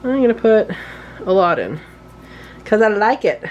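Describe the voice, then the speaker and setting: A woman talks through a recipe in her home kitchen, chatty and easygoing, with the occasional hiccup breaking in. Her voice sits at an everyday middle pitch, and faint noise hums behind her. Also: very animated, a little slow, darkish tone, lo-fi sound. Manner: chatty, talks while working, apologizes for hiccups. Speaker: home cooking channel host. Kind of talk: casual cooking demonstration.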